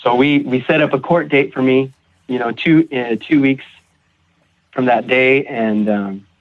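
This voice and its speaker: Man, halting storyteller, repeats words, tinny phone-like sound. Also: medium pitch, fairly even intonation. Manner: halting, repeats words, acts out quoted voices. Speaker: podcast guest sharing recovery story. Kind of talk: personal storytelling.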